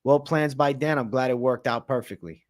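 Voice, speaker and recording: Brief: man, livestream host, relaxed slangy chatter, mid-pitched everyday voice. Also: normal speed. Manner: slangy, laid-back, chatty. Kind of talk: casual late-night livestream Q&A.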